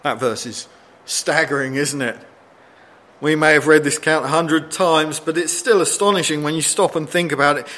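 A man preaching a sermon in a slightly raised voice. He reads scripture aloud, acts out the desperate quotes with mounting intensity, and slows right down to land his points. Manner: expressive, rising pitch for dramatic quotes, slowing for emphasis.

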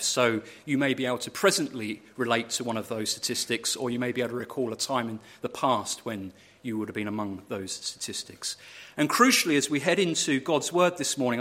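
Male preacher, bright voice, earnest measured sermon delivery with repeated emphasis. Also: mid-range voice. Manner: earnest, measured, building emphasis through repetition. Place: church.

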